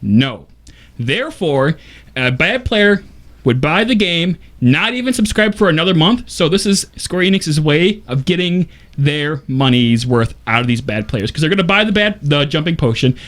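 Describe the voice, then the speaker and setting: A fairly high-voiced man on a gaming talk show, building his case point by point. His delivery swings a lot in pitch as he argues. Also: animated, moderate pace, fairly bright tone. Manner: argumentative, lays out a case step by step. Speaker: co-host. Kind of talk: casual podcast talk.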